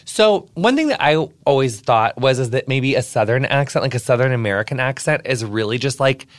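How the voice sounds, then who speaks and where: A man's voice: medium pitch, lively intonation, a little fast. A man hosting a podcast interview, gushing and campy, with lots of "like" in his casual chat. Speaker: podcast host.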